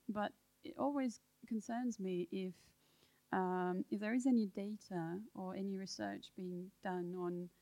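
A woman's voice: lowish voice, mellow, no echo. A woman from Russia, whose first language is Russian, asking a question from the audience at a talk, hesitant and full of fillers.

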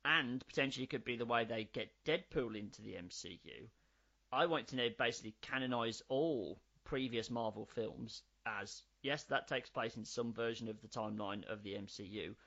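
Animated man chatting casually. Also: medium pitch, normal speed. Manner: animated, swears freely, riffs on ideas. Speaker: podcast co-host. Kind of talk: casual chat. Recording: slightly dull lo-fi audio.

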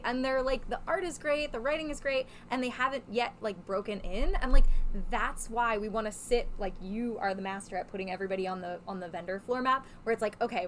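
A woman's voice: fairly high pitch, a bit bright, a little hiss or hum. A woman who organizes a comic convention, chatting casually on a podcast with frequent "like" fillers.

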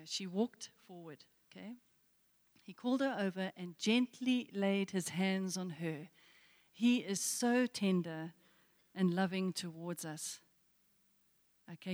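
A woman's voice: medium pitch, darkish tone. A woman preacher giving a sermon, telling a story and asking her listeners again and again to imagine it. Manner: storytelling with repeated rhetorical questions. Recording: long hall reverb.

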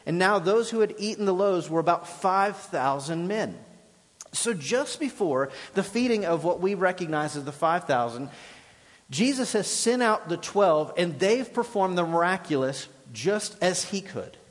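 A man preaching a sermon as pastor, animated and paraphrasing scripture in lively voices. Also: high voice, measured pace, long reverb tail. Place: church sanctuary.

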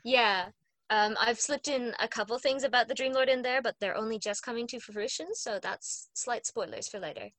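A woman's voice: a little high, normal speed, a bit bright, dry recording. A woman who runs a tabletop game, talking casually and explaining her game at length with many fillers. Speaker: game master. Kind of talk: casual chat.

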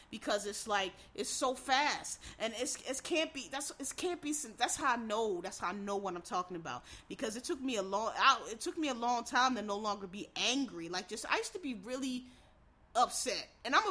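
Woman, blunt and profane, heated monologue to viewers, high and very bright voice.

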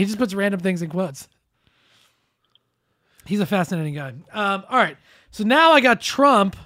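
Male podcast co-host, mildly high voice, sarcastic and casual, dry close sound. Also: fairly bright tone, no room sound. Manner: sarcastic, loose, swears. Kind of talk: casual political chat.

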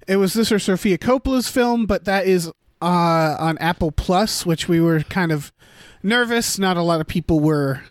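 A man co-hosting a podcast, chatting casually about a film with halting fillers. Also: high-pitched, no echo, clean studio sound. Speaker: podcast co-host. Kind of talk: casual chat.

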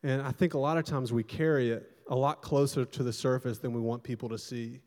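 A young adult man preaching a sermon as pastor, telling stories animatedly and swinging between loud bursts and hushed, quiet stretches. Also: medium pitch, steady tone, fairly quick. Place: church hall. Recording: long hall reverb.

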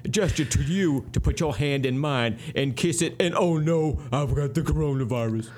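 A man voicing a pompous, old-fashioned Southern gentleman with grand, overly polite phrasing. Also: fairly high pitch, moderate pace, slight background noise, voice pushed up, close to an everyday voice. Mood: grandly genteel.

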